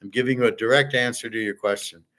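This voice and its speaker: A man's voice: medium pitch, steady tone, quick pace, sharp tone. A male host in a blunt, emphatic rant, swearing freely and rambling with restarts. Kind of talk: casual rant to camera.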